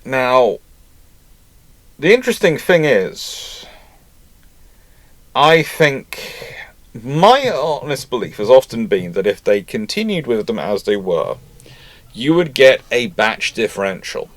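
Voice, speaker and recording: A man's voice: medium pitch, very animated, unhurried, fairly bright tone, no echo. A man hosting a history channel, chatting casually and correcting himself as he reads out viewer comments. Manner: rambling, self-correcting, chatty.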